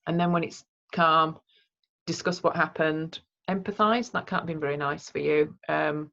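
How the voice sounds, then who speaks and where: Low-voiced woman giving a training talk. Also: steady tone, moderate pace, vocal fry, a bit bright, highs cut off. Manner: conversational, demonstrates example phrases.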